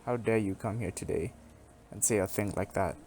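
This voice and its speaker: A man's voice: on the low side, moderate pace, a little mellow, faint music behind, lightly acted. A man reading the lines of a bitter woman who defends her dead sister, with a cold, cutting, scornful manner. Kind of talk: reading game dialogue aloud.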